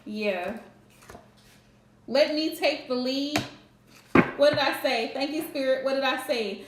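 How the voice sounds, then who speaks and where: A woman's voice: sits high, slow pace, reverberant, very noisy. A woman giving a casual live-streamed tarot reading, blunt and emphatic, chatting with her viewers. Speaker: tarot card reader. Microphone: streaming setup.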